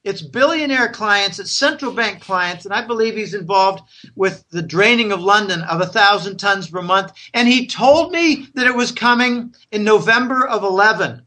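Bright-voiced American man telling stories. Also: high-pitched, moderate pace, hardly any pauses. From United States. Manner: rambling storyteller, acts out friends' voices in quotes. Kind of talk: casual podcast conversation.

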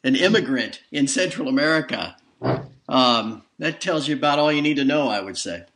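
Gravelly, lively man on a podcast. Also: medium pitch, normal speed, slight background noise. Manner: short agreeing interjections. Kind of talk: casual podcast conversation.

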